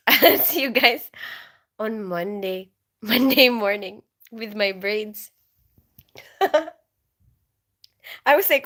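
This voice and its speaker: A woman's voice: mid-range voice, lively intonation, drawn-out words, long pauses, a bit bright. A woman in her forties with a Filipino accent, chatting on a casual livestream, telling stories and answering viewers. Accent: Filipino English. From Philippines. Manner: chatty storyteller, giggles often, reads chat comments. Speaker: livestream host.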